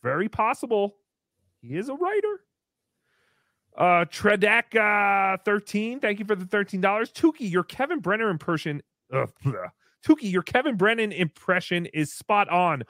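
A man hosting a comedic livestream, thanking members in a goofy, animated manner. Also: high voice, moderate pace, no echo, studio quality. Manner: goofy, animated, swinging between squeals and mumbles. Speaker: livestream host. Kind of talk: comedic live-stream chat.

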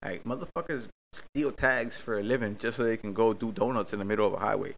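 A young man from hosts a casual podcast. His storytelling is excitable and full of swearing, and he acts out every exchange as he retells it. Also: lowish voice, fast, creaky. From Miami, Florida. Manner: profane, excitable, acts out the dialogue. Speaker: podcast host. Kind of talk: animated storytelling.

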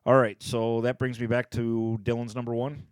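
A man co-hosting a casual podcast chat, retelling favorite comedy scenes and acting out the characters' lines with big pitch jumps and laughs. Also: normal speed, clear, resonant tone, no room sound. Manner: animated, acts out quotes with pitch jumps and laughs. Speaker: podcast co-host. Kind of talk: casual chat, ranking favorite sitcom moments.

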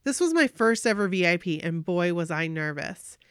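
A woman co-hosting a podcast, reading a fan's story aloud in an animated way. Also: lowish voice, normal speed, clean tone, no echo, clean studio sound.

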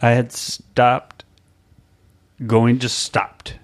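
A man hosting a podcast, talking in a rambling, halting way full of fillers and restarts. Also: mid-range voice, completely flat delivery. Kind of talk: casual podcast chat.

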